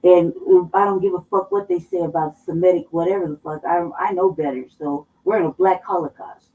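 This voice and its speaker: A woman's voice: fairly low pitch, fairly even intonation, fairly quick. A woman from Colorado co-hosting a casual political talk show, blunt and emphatic, swearing heavily as she makes her points. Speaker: co-host. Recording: dull, somewhat distant mic.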